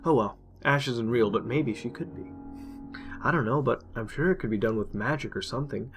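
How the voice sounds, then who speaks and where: Man telling a dark story. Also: medium pitch, brisk. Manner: intense, emotional first-person telling. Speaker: narrator. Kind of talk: dramatic horror story reading. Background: faint music.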